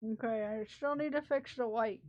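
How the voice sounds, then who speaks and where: Speaking at a normal speed in a fairly high voice, a woman works on a craft project during a live stream. She chats casually with viewers, laughs, and talks to herself along the way, all captured in slightly dull, lo-fi audio.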